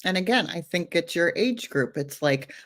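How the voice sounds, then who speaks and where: A woman's voice: lowish voice, expressive, normal speed. A middle-aged woman chatting on a podcast as co-host, a mother who laughs often and gives firm advice. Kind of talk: casual podcast chat.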